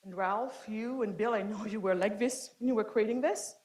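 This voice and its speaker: A woman giving a lecture to an audience, impassioned, swinging from loud emphasis to soft, quiet asides. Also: medium pitch, normal speed, low-quality recording. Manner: frequent restarts and fillers. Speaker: guest lecturer. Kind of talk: speech to an audience.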